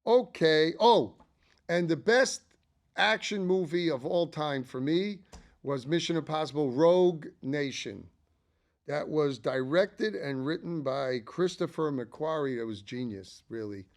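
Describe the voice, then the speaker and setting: A man's voice: fairly high pitch, animated, unhurried. An older man hosting a casual ranking monologue, chatty and enthusiastic, rambling with frequent asides. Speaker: channel host.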